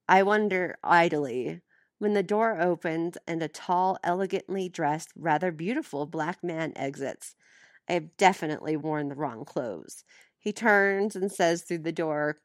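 A woman's voice: fairly low pitch, lively intonation, a little slow, dry recording, clean studio sound. A woman reading a first-person novel aloud as an audiobook, giving the dialogue light voicing. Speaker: audiobook reader.

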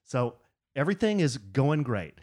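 A podcast co-host tells a story in casual chat, animatedly acting out in quotes what other people said to him. His voice is mid-range and slightly rough, and he keeps a moderate pace.

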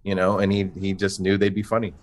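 Relaxed, chatty man on a podcast. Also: low voice, a little fast. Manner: relaxed, chatty, swears casually. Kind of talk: casual chat.

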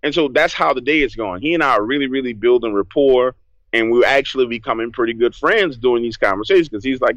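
A man, a podcast guest telling a story in a casual, lively way and acting out what he said back then. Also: medium pitch, a little fast, no room sound, highs cut off. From New Orleans, USA. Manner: lively, acts out his own past lines.

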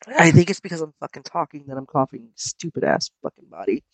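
A young woman hosting her podcast while sick, hoarse and coughing, rambling casually, swearing and laughing at herself. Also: low-pitched, very animated, a little fast, no echo, poor audio. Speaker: podcast host. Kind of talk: casual chat.

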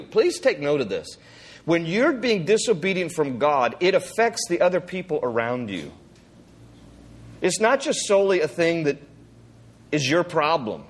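Pastor, male, higher voice, casual joking sermon delivery with acted asides.

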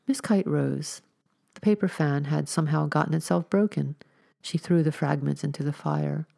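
A woman narrating a story as an audiobook reader, with a measured, steady reading. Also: deep voice, creaky.

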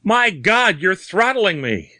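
A man's voice: very animated, slow pace, bright, forceful tone, dry recording, clean studio sound, exaggerated voice. A man doing a terrified bearded stranger. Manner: high-pitched panicked pleading. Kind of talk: audiobook character voice.

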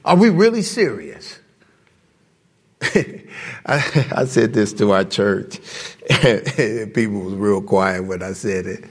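Raspy, lively-voiced preacher man. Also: lowish voice, takes it slowly, pauses often. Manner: impassioned preaching, rhetorical questions, chuckles between points; conversational, addresses the congregation directly. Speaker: pastor. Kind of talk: sermon.

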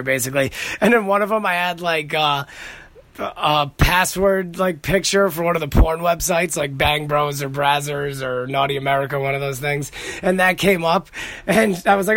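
Host read: New man in his thirties, gravelly and bright, a little high-pitched, rambling and profane. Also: no echo. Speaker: podcast host. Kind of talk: casual monologue.

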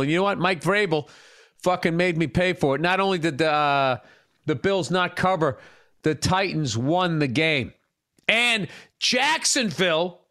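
Man, high voice, dry close sound, profane teasing sports talk. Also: no echo. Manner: profane, ribbing, animated storytelling. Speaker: podcast host. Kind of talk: casual sports chat.

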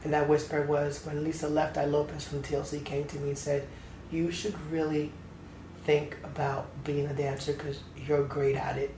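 A man in his fifties from Atlanta, Georgia, telling his story as a choreographer guest in an interview, lively and acting out the voices in his anecdotes. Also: a little high, moderate pace. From Atlanta, Georgia, USA. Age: 50s. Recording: roomy echo with faint background noise.

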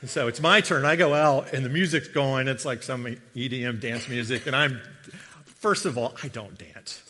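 A middle-aged man, a guest preacher, giving a sermon with a humorous personal story, animated and joking as he tells it. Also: medium pitch, normal speed. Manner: animated storyteller, jokey asides. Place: church sanctuary. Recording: long reverb of a large hall.

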